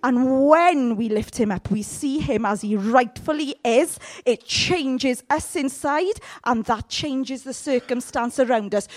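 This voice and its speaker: A woman giving a sermon in a humorous, conversational way, with sudden loud, high outbursts. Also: dry recording. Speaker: preacher.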